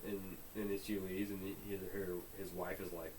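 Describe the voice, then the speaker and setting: A man's voice: low-pitched, level tone, normal speed, crowd noise. A man co-hosting a podcast, joking around in casual chat and acting out little scenes in muttered voices. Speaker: podcast co-host. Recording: distant mic with faint hiss.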